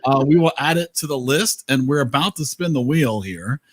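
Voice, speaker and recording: A man's voice: medium pitch, animated, moderate pace, no room sound. A man hosting a casual online movie night, chatting with lots of fillers and laughs. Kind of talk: casual group chat.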